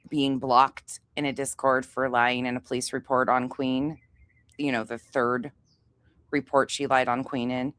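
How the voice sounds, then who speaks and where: Very deep-voiced woman, dry and pointed. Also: a bit bright, no room sound. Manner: measured, pointed, slightly smug. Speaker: co-host guest on commentary stream. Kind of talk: livestream commentary.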